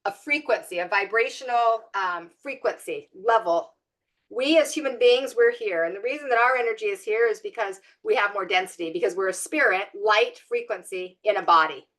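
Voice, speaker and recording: A woman's voice: medium pitch, normal speed, a bit bright. A middle-aged woman giving an inspirational spiritual talk to an audience, speaking conversationally, acting out everyday scenarios and asking listeners direct questions. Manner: conversational, acts out everyday scenarios in quoted voices.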